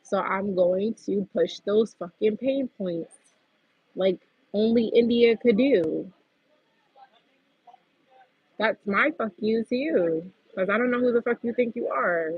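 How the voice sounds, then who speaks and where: Blunt, husky woman venting on a livestream. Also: medium pitch, takes it slowly, pauses often, no room sound, dull audio. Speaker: livestream host. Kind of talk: heated livestream rant.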